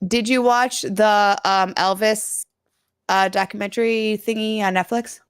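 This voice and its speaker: Co-hosting a live podcast, a woman speaks in a medium-pitched, smooth, steady voice at a measured pace. She's casual and outspoken, ranting bluntly, joking around and saying "like" constantly.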